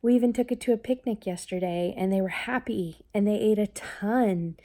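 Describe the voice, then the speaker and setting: A mother chatting casually on a vlog, rambling with lots of fillers and getting lively when she tells family stories. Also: mid-range voice, moderate pace. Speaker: mother talking about her family.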